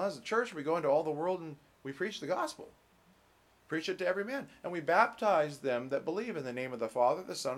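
A man preaching a sermon as pastor, emphatic and rising loud on key points, with conversational asides and fillers. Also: medium pitch.

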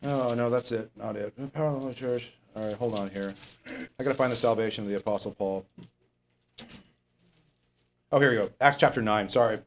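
A man's voice: mid-range voice, fairly quick, long pauses, a little hiss or hum. A man preaching a conversational sermon, rambling and joking as he reads the Bible, sometimes losing his place and stressing key points. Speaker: pastor.

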